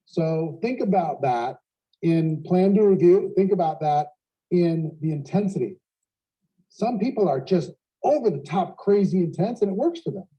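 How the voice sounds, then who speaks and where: Host: man, high voice, energetic coaching style, muffled lo-fi audio. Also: moderate pace. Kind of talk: panel discussion coaching tips.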